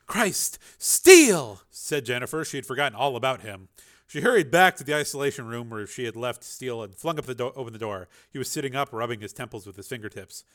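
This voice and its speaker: A man narrating a thriller audiobook in an expressive, dramatic way. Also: medium pitch, fast. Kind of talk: scripted narration.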